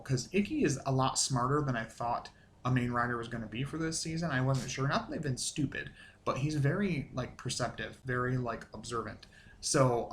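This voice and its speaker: A man's voice: mid-range voice, a little hiss or hum. A man hosting a casual episode review, rambling with lots of fillers and restarts and swearing casually. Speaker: show review host.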